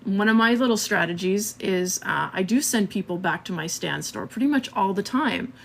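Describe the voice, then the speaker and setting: A woman's voice: mid-range voice, animated, moderate pace, gravelly, a little hiss or hum. A woman hosting a live marketing stream, talking casually and a bit scattered, laughing often and checking in with "okay?".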